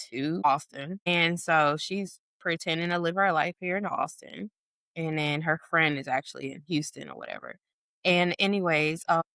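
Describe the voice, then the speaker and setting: Chatty woman telling a story, very dry sound. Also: no echo. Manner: animated storytelling, acts out quotes in a high voice; heavy use of "like" and "or whatever". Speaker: podcast co-host. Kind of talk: casual storytelling chat.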